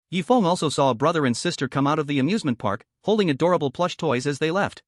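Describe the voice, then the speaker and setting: A man narrating a recap story in an even, read-aloud delivery. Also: on the high side, fast, hardly any pauses, dry recording, studio quality.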